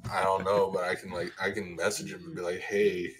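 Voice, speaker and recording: Deep, monotone mellow man. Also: quick pace, crowd noise. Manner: monotone, mellow, low-energy delivery. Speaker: podcast co-host. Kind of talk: casual chat.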